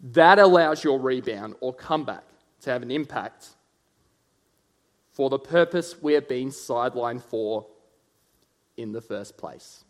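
A man with a mid-range voice gives a brief devotional talk. He speaks slowly and deliberately, each phrase set out with care. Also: medium pitch, lively intonation. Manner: measured, unhurried delivery. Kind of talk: short prepared devotional talk.

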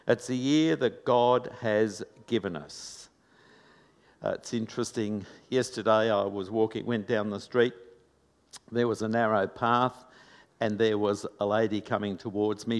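A man preaching a sermon in a slow, reflective, measured way. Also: on the low side. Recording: long reverb of a large hall.

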